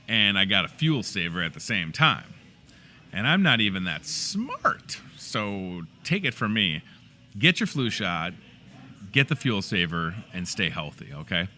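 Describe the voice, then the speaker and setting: A man's voice: lowish voice, big pitch swings, a little slow, pushed and bright. A young man, hosting a store's daily show in a grocery store with a chatty, joking manner. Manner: chatty, playful, joking asides. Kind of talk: casual promotional chat.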